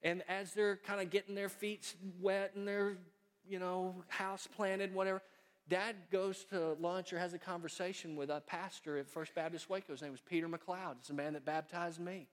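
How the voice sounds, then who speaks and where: A man preaching a sermon as pastor in a church sanctuary, folksy and storytelling, growing quiet and earnest. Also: high voice, fairly even intonation, moderate pace. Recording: long reverb of a church hall.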